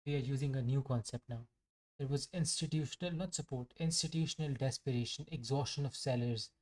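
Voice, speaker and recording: A man's voice: mid-range voice, a little fast, darkish tone. A young man casually reviewing his day trades, rambling, joking and poking fun at himself as he talks. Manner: rambling, joking and self-mocking. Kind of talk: casual live trading commentary.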